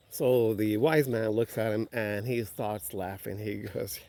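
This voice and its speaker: A man telling a story on a walk, relaxed, with many filler phrases. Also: lowish voice, a little slow, few pauses, dry recording. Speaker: vlogger. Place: outdoors on a nature walk.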